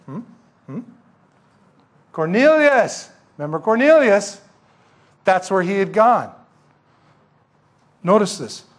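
A man preaching an expository sermon as pastor, telling the story in a lively way and asking the congregation rhetorical questions. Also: high voice, slow pace, long pauses.

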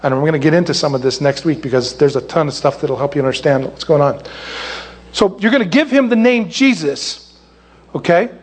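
A man preaching a sermon in an animated, jokey way, with acted asides. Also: on the high side, brisk, husky. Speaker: pastor.

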